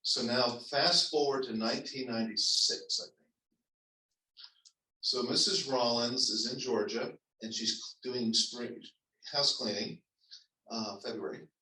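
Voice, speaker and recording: A man who is a pastor, telling a personal story to his congregation in a conversational, halting way with restarts. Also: mid-range voice, steady tone, pushed and bright. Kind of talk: storytelling sermon. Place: church sanctuary. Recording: echoey church hall, mic at a distance.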